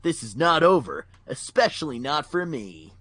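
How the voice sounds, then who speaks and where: A man's voice: a little high, very animated, normal speed, a bit bright, a little hiss or hum. A man voicing a cocky, brooding teenage male hedgehog hero in a hammy amateur reading of a fan story.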